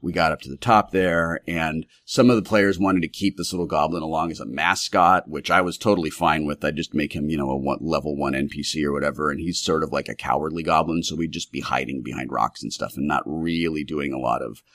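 A man's voice: very deep voice, fairly even intonation, fairly quick, hardly any pauses, a bit bright, no room sound, studio quality. A man, a game master, casually telling a story from his tabletop game in a rambling way, full of fillers and restarts.

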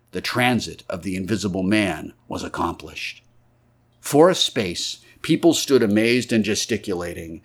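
A man reading a classic novel aloud as an audiobook narrator, in a measured, expressive way. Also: lowish voice, slightly rough.

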